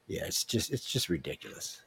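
Blunt talk-show host, male, animated, recorded close with no room sound. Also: brisk, dry recording. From Southern US. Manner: animated, blunt, swings loud and soft. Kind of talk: casual talk show chat.

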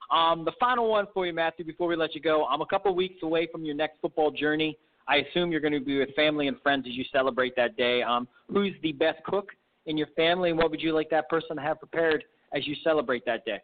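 A man hosting a sports interview, rushing through his enthusiastic, rambling questions at a fast clip. His voice comes through a thin, tinny phone line. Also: fairly high pitch. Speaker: podcast host.

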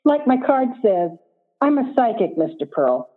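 Woman voicing a young psychic lady, lilting and sincere, husky, phone-line sound. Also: on the high side, very animated, unhurried. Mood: earnest. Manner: lilting, pleasant, a bit indignant.

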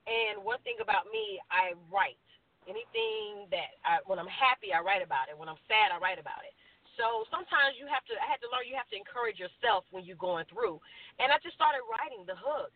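A woman's voice: mid-range voice, big pitch swings, a little fast, dry recording. A middle-aged woman singer speaks openly and with feeling, laughing now and then. Her voice rises and falls a lot. She comes through a thin, tinny phone line. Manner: candid, emotional, laughs often. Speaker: guest singer. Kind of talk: casual radio interview over the phone.

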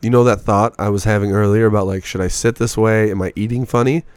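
A man's voice: fairly low pitch, fast talker, clear, resonant tone, dry recording. A man in his twenties telling rambling, profane stories in a casual podcast chat as a comedian guest. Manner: profane, rambling, animated storytelling.

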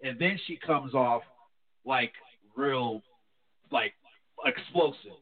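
A man's voice: mid-range voice, slow pace, breathy edge. A man from New Jersey, a pastor, talking candidly and reflectively in a casual talk show chat. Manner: candid, reflective, animated when quoting his wife. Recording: tinny phone line.

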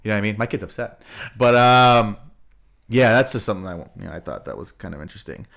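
A man's voice: lowish voice, expressive, fast, vocal fry, a bit bright. A man co-hosting a casual podcast, easygoing, guessing aloud and laughing along. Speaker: podcast co-host.

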